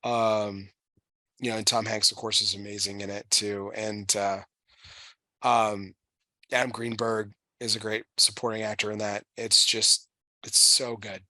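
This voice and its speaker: Bright, emotional man swearing casually. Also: lowish voice, little pitch movement, dry recording. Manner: emotional, swearing, halting restarts. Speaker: podcast host. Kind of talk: casual chat.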